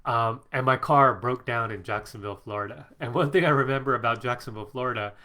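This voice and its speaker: A psychic coach hosts a casual live stream from his home office, his bright voice at a medium pitch and his talk fast. He's congested from allergies but stays chatty, reading out viewer comments and laughing often.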